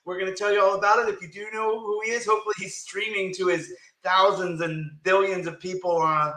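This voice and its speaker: A man co-hosting a live-stream talk show, loud, rambling and joking from a small room. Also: high-pitched, flat delivery, a little fast. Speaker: co-host. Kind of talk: casual live-stream chat. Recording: echoey room.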